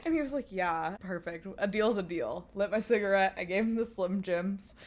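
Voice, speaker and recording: Animated young woman laughing through stories. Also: mid-range voice, normal speed. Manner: animated storyteller, laughing hard through anecdotes. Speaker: podcast co-host and streamer. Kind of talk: casual chat.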